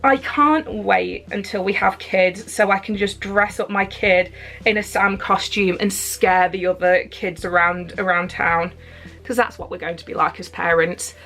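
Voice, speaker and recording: A woman's voice: medium pitch, fairly even intonation, a little slow, a bit bright, soft background music. A woman vlogger from the UK chatting enthusiastically through a clothing unboxing at home, rambling with fillers and a little out of breath. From United Kingdom. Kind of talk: casual unboxing chat.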